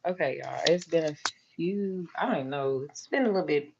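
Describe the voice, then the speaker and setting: A hoarse woman who has lost her voice, hosting a casual live stream as a nail technician and chatting to viewers with lots of fillers. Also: low-pitched, normal speed, noisy background. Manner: chatty, addresses viewers as y'all, many fillers. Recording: dull lo-fi live-stream audio.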